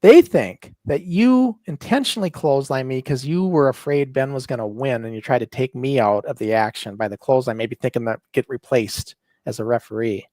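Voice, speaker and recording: A man's voice: mid-range voice, fairly quick, hardly any pauses, warm tone, no echo. A man from the northern US co-hosting a wrestling podcast, boastful and teasing, rambling with fillers. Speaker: podcast co-host. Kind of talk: casual podcast banter.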